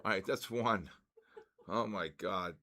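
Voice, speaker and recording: An older man hosting a trading livestream, cheerfully calling out raffle winners in a drawn-out announcer way. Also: sits low, pushed and bright. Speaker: trading stream host.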